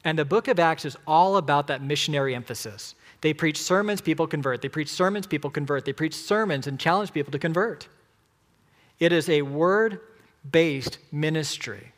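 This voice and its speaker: A fairly high-voiced man preaching with emphasis, counting off his points and putting questions to the congregation. His voice rings out with a long reverb from a large hall. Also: normal speed, a bit bright. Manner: emphatic, rhetorical questions to the audience. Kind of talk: sermon.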